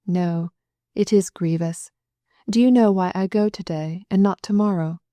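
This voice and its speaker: A woman reading the part of a young noblewoman who speaks quickly and tearfully in an audiobook. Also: mid-range voice, mellow, dry recording, lightly acted. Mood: confiding.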